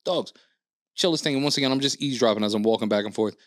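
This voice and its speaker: In rapid-fire fashion, a podcast co-host with a medium-pitched voice relates a long story during casual talk, acting out quotes and dropping frequent curses and fillers. The studio-quality audio has no echo.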